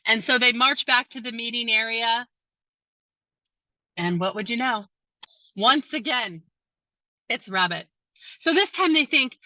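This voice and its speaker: A woman tells a story during a sermon, with animated, expressive delivery. Her voice is bright and close, with no room echo. The recording sounds dull and lo-fi. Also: on the high side, measured pace, pauses often. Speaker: guest speaker.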